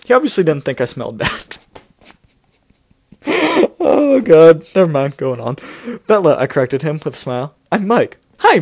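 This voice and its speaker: A man's voice: fairly high pitch, dry recording, clean studio sound. A man reading a novel aloud and mocking it with sarcastic commentary, laughing often between lines. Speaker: book reader and commentator. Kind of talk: sarcastic read-along commentary.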